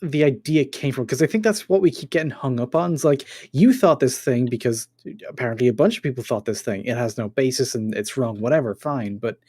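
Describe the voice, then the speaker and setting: A man arguing his points on a casual podcast with a dry, close sound. His delivery is measured. He builds his case step by step. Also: mid-range voice, expressive, a little mellow, slightly rough, dry recording. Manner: measured, argumentative. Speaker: podcast co-host. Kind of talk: casual chat.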